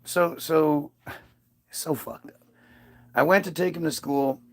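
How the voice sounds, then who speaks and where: A man's voice: fairly high pitch, fairly even intonation, slow pace. A father casually telling a personal story, aggrieved and profane, with many restarts.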